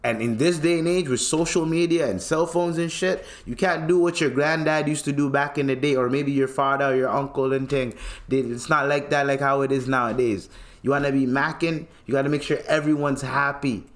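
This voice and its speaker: A man's voice: medium pitch, fairly even intonation, a little fast. Male podcast host, young, from Canada; casual monologue, crude humor, heavy swearing. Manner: crude, joking, swears freely.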